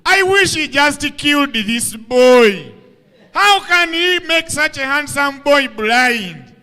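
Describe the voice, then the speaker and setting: A man putting on a shrill gushing village woman. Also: animated, slow pace, pushed and bright, in a large hall, full character voice. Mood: pitying.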